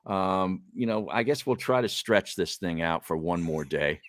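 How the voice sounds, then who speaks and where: A man co-hosting a casual sports talk show, relaxed and wry, trailing off as he reads. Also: low voice, normal speed, no echo, studio quality. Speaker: co-host.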